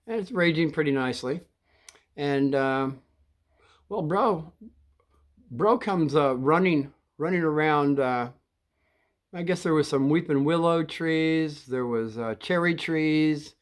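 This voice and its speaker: Older man rambling through a childhood story. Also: on the high side. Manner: rambling, halting, many restarts and throat-clearing.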